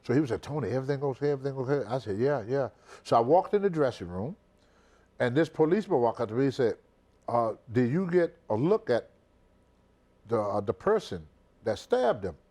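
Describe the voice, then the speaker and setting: A mid-range voice, slightly fast, belongs to an older retired wrestler from the U.S. recounting a story during a shoot interview. He's an animated storyteller who repeats words and plays the others' roles.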